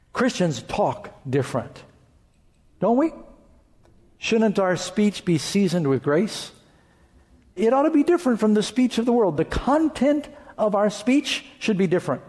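Pastor, male, slightly high voice, earnest preacher with rhetorical questions, long church-hall reverb. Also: darkish tone. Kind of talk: sermon.

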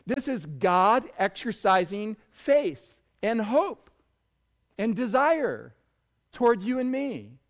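Male preacher, sermon, earnest and emphatic, slow delivery, slightly high voice. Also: big pitch swings.

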